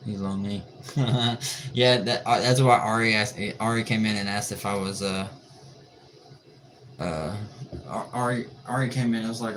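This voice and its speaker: A man's voice: on the low side, unhurried, pauses often, fairly bright tone. A tired man chatting casually on a late-night livestream, joking and answering viewers' comments in a laid-back way. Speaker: livestream host. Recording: noisy livestream audio.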